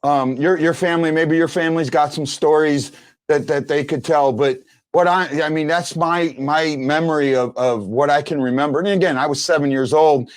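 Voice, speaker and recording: A man's voice: fairly high pitch, steady tone, moderate pace. A man hosting a sports fan show, telling stories in a rambling casual way with many restarts. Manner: rambling storyteller, restarts often.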